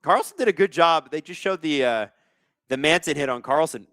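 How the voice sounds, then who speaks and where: A man's voice: on the high side, expressive, normal speed, fairly bright tone, no room sound. A man hosting a casual live sports watch-along, reading chat aloud and joking sarcastically, with plenty of swearing. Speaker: livestream host.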